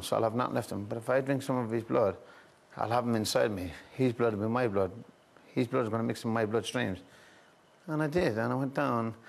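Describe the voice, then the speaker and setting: An Irish man appearing as a chat show guest tells a story in a halting, repetitive way, restarting often and leaning on "I said". His voice is mid-range with vocal fry.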